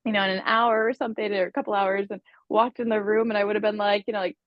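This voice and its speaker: A woman relationship coach, a guest on a podcast, telling stories in a lively, conversational way. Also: medium pitch, fast, no room sound, muffled recording. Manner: expressive, conversational storyteller.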